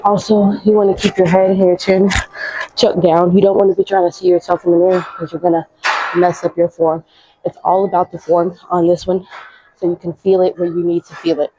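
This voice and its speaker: A woman's voice: lowish voice, flat delivery, fairly quick, warm tone, lo-fi sound. A young woman casually explaining her workout routine while exercising, chatty and out of breath. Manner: chatty, coaching, slangy. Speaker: fitness vlogger.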